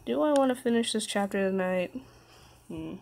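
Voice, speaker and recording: A woman's voice: a little high, gravelly, warm tone. A tired young woman reading fan fiction aloud on a casual livestream, often stumbling over words, correcting herself and joking with her chat.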